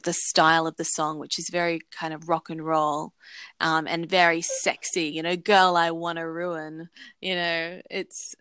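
A woman's voice: on the low side, fairly bright tone, clean tone, no room sound. A woman co-hosting a podcast in casual chat, rambling and searching for words. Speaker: podcast co-host.

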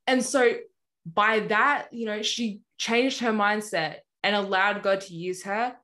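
A woman's voice: mid-range voice, steady tone, slow pace, pushed and bright. A woman in casual conversation, rambling through a story with lots of fillers. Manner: rambling storyteller, many fillers like "anyway" and "you know". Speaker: Christian ministry guest or host.

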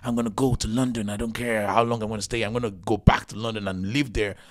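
A man in his thirties from Nigeria, a podcast guest telling lively stories laughter and acted-out voices. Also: on the low side, quick pace. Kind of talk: casual storytelling interview.

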